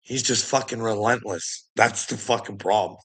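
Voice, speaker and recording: A man's voice: fairly low pitch, normal speed, a bit bright, breathy edge. A man ranting casually, profane and mocking, laughing often between lines. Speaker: online commentator. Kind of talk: casual rant.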